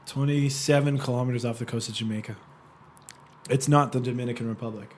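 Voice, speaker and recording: A man's voice: medium pitch, steady tone, brisk, darkish tone, slight background noise. A man from Canada, an actor guest, chatting casually in a teasing, slangy way and laughing often. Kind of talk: casual chat.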